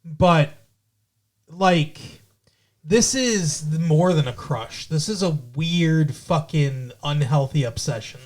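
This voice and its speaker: A man's voice: fairly high pitch, slow. A man co-hosting a podcast in casual chat, rambling and swearing, often stopping to restart his point. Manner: rambling, profane, self-interrupting. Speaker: podcast co-host.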